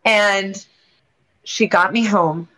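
A woman's voice: medium pitch, fairly even intonation, drawn-out words, fairly bright tone. A woman, a realtor and guest on a show, telling a candid personal story in an earnest, rambling way with frequent restarts. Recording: lo-fi dull sound.

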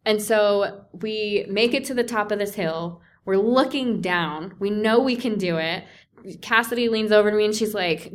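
A woman's voice: medium pitch, moderate pace. A woman telling a personal story in casual conversation, acting out quoted voices, with many "like" fillers. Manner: animated, acts out quoted voices, frequent "like" fillers.

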